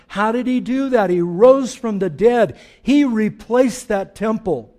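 A male pastor preaching a sermon to his congregation, joking with them in conversational asides, then turning quiet and reflective or rising to emphatic declarations. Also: sits high, slow pace.

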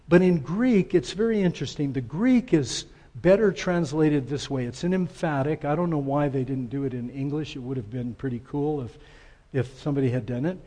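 A man preaches in a sanctuary with a long, ringing reverb trailing his words. His voice sits somewhat high for a man, yet sounds warm and mellow. He swings between loud emphasis and soft, quiet asides. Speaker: pastor. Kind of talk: sermon.

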